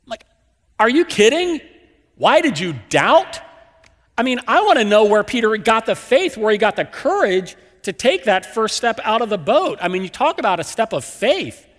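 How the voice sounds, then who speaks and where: A male pastor delivers a sermon with a slightly high, very lively voice that swoops up for emphasis and circles back on his phrases. His words ring out with a long reverb from a large worship hall. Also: brisk, hardly any pauses. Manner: animated, emphatic storytelling with repeated phrases.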